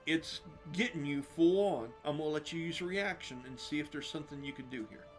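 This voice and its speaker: A man running a tabletop game as game master, narrating the action in a lively, descriptive way and laughing often. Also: fairly high pitch, a little fast, faint music behind.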